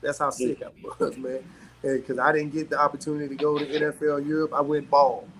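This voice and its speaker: A middle-aged man from South Carolina, telling stories as a guest in casual chat, animated and quick to laugh. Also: fairly high pitch, a little hiss or hum, rough recording. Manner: animated, laughs often, peppers talk with "man". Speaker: guest, former pro athlete. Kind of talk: casual storytelling.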